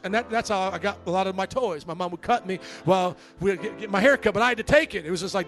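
Lively high-voiced male pastor preaching. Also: a little fast, faint music behind. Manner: lively storytelling, acts out quoted voices. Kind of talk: sermon.

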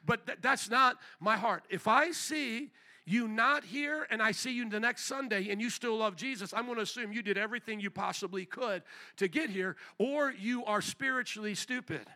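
A man's voice: high-pitched, moderate pace, pushed and bright. A man, a pastor, preaching a sermon in a blunt, emphatic way and repeating his key phrases.

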